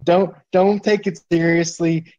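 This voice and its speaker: A man with a mellow, warm voice talks in a relaxed, easygoing way on a podcast. The audio is dull and lo-fi. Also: fairly high pitch, unhurried. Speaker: podcast co-host. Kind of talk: casual podcast discussion.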